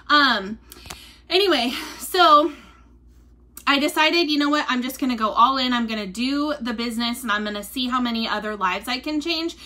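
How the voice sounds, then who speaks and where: A woman's voice: a little high, bright, forceful tone. A middle-aged woman chatting casually on a livestream, rambling through stories and laughing often as she digresses. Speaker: vlogger selling wellness drinks.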